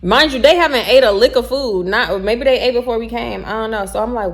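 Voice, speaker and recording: A young woman from telling a casual storytime, blunt and animated, and she swears freely. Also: a little high, fast talker. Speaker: vlogger.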